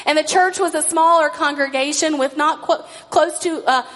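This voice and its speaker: A woman pastor preaching a sermon in slow storytelling cadence, drawing out the ends of her phrases. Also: sits high, a bit bright. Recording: long hall reverb.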